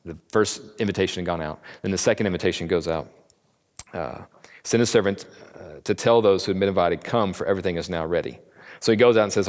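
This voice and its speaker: A man's voice: on the low side, moderate pace. A man giving a casual Bible teaching, talking conversationally and acting out quotes in slangy voices, recorded in a church hall. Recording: long reverb of a large room.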